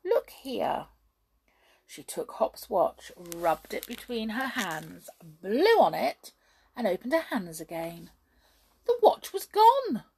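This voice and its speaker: A woman reading a children's story aloud, expressive with hushed asides. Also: medium pitch, slow, slightly rough, poor audio.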